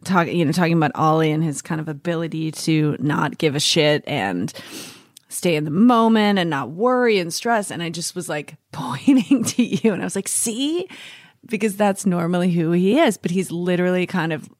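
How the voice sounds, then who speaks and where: A woman's voice: lowish voice, normal speed, dry recording, studio quality. A woman joining a podcast chat, telling stories with a laughing, teasing manner. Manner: laughing, teasing, animated storytelling. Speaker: guest partner. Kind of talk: casual chat.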